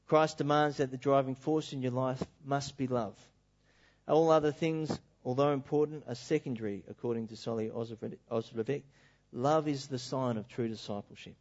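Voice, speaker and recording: A male preacher delivering a sermon in an animated, emphatic storytelling manner. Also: medium pitch, normal speed. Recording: dull lo-fi recording.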